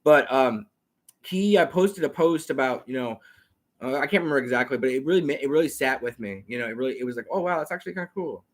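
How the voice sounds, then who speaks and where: A man hosting a casual talk show, rambling and repeating himself as he talks fast. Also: medium pitch. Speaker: host. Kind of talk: casual chat.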